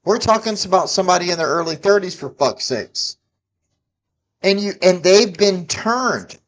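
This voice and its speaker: A man's voice: high voice, lively intonation, normal speed. Heated, profane man ranting. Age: 40s. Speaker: political vlogger ranting. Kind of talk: angry political rant to camera.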